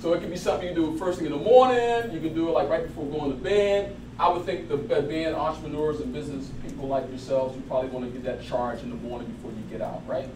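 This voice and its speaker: A man giving a lively motivational talk to a live audience, telling stories and laughing as he goes. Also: a little high, fast talker, hardly any pauses, noisy background. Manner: animated, laughing storyteller. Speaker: motivational speaker. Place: event hall with audience. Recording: roomy, distant mic with crowd.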